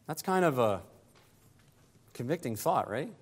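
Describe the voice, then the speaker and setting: A pastor preaching a sermon, climbing higher and louder to press his points and dropping soft and low to close them. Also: sing-song, measured pace, big-room sound.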